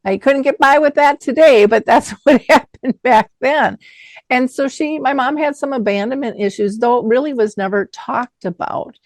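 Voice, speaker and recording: A woman hosting an interview, telling family stories in an animated way and acting out the quoted voices. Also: sits high, moderate pace, dry recording. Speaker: host. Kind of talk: conversational interview.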